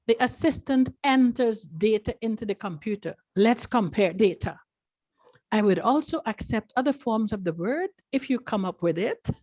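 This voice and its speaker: A woman acting as grammarian at an online club meeting, explaining a word in a clear, instructive way. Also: fairly high pitch, expressive, normal speed, a little mellow, dry recording.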